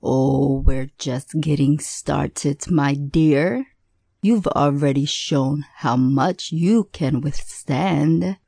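Woman voicing a cruel male tormentor, very low voice, drawn-out mocking delivery, storybook horror. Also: creaky, mellow, husky, no room sound, clean studio sound, full character voice. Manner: slow, mocking, relishing. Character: gloating cruel male tormentor in a hellish place.

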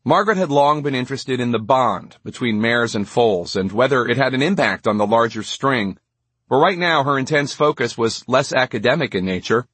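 Husky, steady male narrator. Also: medium pitch, normal speed, no room sound. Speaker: audiobook narrator. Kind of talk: scripted narration.

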